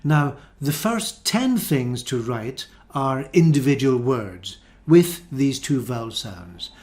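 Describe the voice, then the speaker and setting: A man's voice: mid-range voice, expressive, a little mellow. A man teaching an English pronunciation lesson, carefully enunciating pairs of words and giving instructions. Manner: deliberate, enunciates minimal word pairs.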